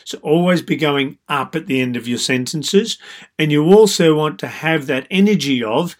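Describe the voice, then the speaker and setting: A man who works as a dating coach, giving calm, explanatory advice in a monologue with frequent "so" and "you know". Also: on the high side, normal speed.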